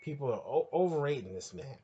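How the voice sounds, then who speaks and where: Husky guy on his own podcast, ranting and cussing, rambling and getting louder and louder. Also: medium pitch, animated, fairly quick, lo-fi sound. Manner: crude, heated, rambling with restarts and crescendos into shouting. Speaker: podcast host. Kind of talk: profane solo rant.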